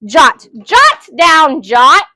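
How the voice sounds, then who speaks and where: A woman leads a phonics lesson for young children in a classroom, loud and full of energy, calling on kids by name. Her voice is high-pitched and she draws her words out, with no echo in the recording.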